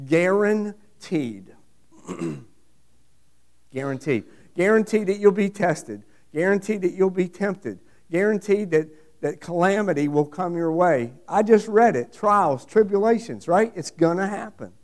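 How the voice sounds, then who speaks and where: A man's voice: high-pitched, expressive, unhurried, a little mellow. A middle-aged man preaching a sermon, emphatic and repetitive, asking the congregation questions. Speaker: pastor.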